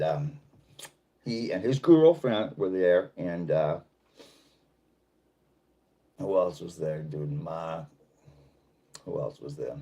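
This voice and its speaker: A middle-aged man with a Boston accent, from Boston, hosts a casual livestream where he reads viewer comments, rambling and laid-back. His voice is deep, gravelly, and dark, with a breathy edge.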